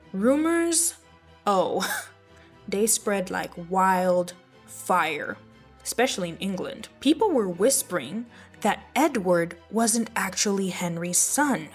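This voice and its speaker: A woman host telling history in a casual, gossipy way, full of sassy, playful asides. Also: medium pitch. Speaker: history vlogger. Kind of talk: casual chatty storytelling.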